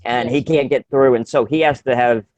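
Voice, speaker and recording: A man's voice: medium pitch, steady tone, normal speed, darkish tone, dry recording. A man co-hosting a casual podcast, rambling with many fillers and restarts and laughing often. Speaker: podcast co-host.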